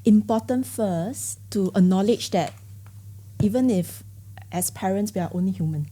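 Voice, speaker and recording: A woman, calmly giving parenting advice on a podcast panel. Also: medium pitch, moderate pace, breathy edge. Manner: calm, advisory explaining.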